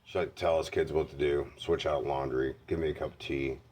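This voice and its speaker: A man's voice: rumbling low, steady tone, a little fast, darkish tone, a little hiss or hum. A man telling candid personal stories in a blunt, heavily profane way. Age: adult. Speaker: vlogger.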